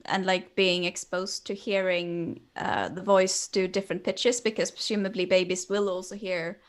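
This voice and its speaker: A woman's voice: fairly low pitch, little pitch movement, moderate pace. Swedish-born woman in her twenties, casual podcast co-host, chatty, loose restarts. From Sweden. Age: young adult. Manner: chatty, laughs easily, trailing restarts. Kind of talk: casual chat.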